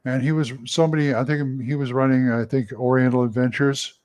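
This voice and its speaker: A man's voice: medium pitch, steady tone, a little fast, darkish tone, dry recording. A man co-hosting a casual talk show, joking around with wisecracking asides. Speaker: co-host. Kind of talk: casual chat.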